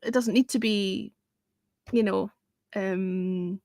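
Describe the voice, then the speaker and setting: A woman's voice: mid-range voice, steady tone, slow, creaky, warm tone, no echo, clean studio sound. A woman hosting a music review livestream, chatting casually and opinionatedly with lots of "you know" and the odd swear word.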